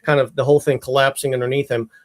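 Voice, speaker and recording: A man hosting a live interview, asking questions in a halting way with fillers. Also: medium pitch, little pitch movement. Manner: halting, thinking aloud with fillers. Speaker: host. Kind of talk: interview host.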